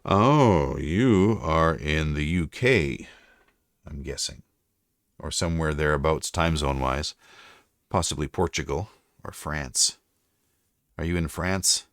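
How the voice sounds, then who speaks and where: A man's voice: extremely low pitch, takes it slowly, pauses often, dry recording, clean studio sound. A Canadian man chatting casually on a live stream, rambling and chatty, now and then slipping into French. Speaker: livestreamer and voice-over narrator.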